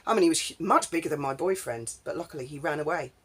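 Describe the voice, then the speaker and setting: A woman's voice: low voice, expressive, quick pace, slightly rough. A woman, telling a casual story in a chatty, rambling way full of ums. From England. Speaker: vlogger.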